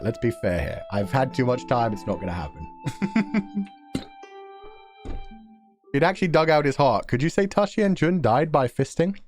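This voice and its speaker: A man reading a novel aloud on stream and reacting to it in a giggly, profane, excitable way. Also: mid-range voice. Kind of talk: casual stream commentary and read-aloud. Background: faint music.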